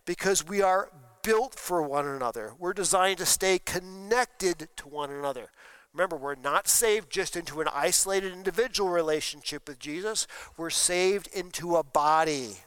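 Pastor, male, sermon delivery, smooth clear voice, slightly higher pitch, dry close sound, talks with the congregation. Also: moderate pace, fairly bright tone, dry recording, low-quality recording. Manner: conversational preaching with questions to the congregation. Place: church sanctuary during a service.

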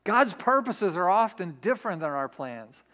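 Guy preaching, pretty high voice, acts stuff out, says things twice for emphasis. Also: normal speed. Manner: animated, acts out scenes, repeats key phrases. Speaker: pastor. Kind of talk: sermon.

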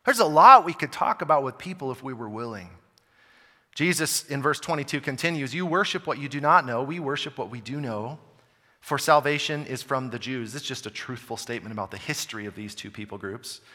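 A man's voice: medium pitch, animated, a little fast, long reverb tail. A man preaching a sermon as a pastor from the United States, talking conversationally and then suddenly hitting words hard. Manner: emphatic, conversational preaching with wide swings in loudness.

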